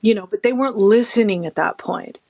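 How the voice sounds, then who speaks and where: A middle-aged woman guest tells her stories in a casual, animated way. She often acts out the people she quotes. Her voice sits in a mid pitch and is recorded close and dry, with no room sound. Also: fairly quick, dry recording. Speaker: podcast guest. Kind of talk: casual conversational interview.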